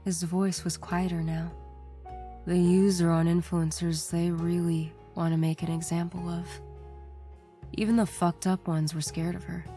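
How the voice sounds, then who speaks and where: Lower-voiced woman narrating horror stories. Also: dark tone. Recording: faint background music.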